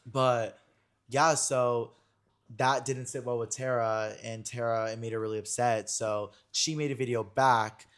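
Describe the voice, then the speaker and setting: A man's voice: medium pitch, steady tone, measured pace, clean tone. A young man hosting a podcast in casual chat, rambling and packing his speech with fillers and online slang. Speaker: podcast host.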